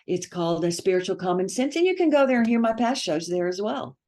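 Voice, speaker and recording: A woman's voice: medium pitch, expressive, fast talker, a little mellow. A woman guest on a casual podcast interview, laughing often and repeating her words for emphasis. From United States. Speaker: author and guest.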